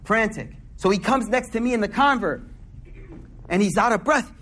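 A man's voice: high voice, normal speed, fairly bright tone, a little hiss or hum. A man giving a casual sermon. He tells stories in a slangy, conversational way and keeps asking the audience questions. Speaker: Muslim speaker giving a talk.

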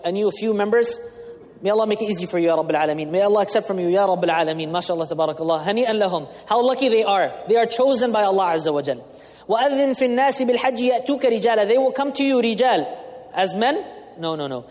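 A man's voice: high-pitched, darkish tone. A man giving a sermon as an imam, explaining Arabic terms with English glosses and asking the audience questions. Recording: long reverb of a large hall.

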